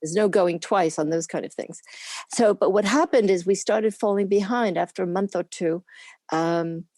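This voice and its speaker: An older woman, a former camera assistant, chatting as an interview guest and telling lively stories with frequent laughs. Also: medium pitch, normal speed, no echo, studio quality. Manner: lively anecdotal storytelling with laughs; acts out quoted people in put-on voices. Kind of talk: casual interview reminiscing.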